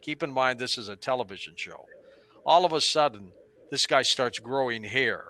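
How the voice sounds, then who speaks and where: A man's voice: mid-range voice, normal speed. A man in his seventies, a radio talk show host, telling anecdotes as a guest in an interview and acting out the people he quotes. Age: 70s. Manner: animated anecdotal storyteller who acts out quotes. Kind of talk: storytelling interview on stage.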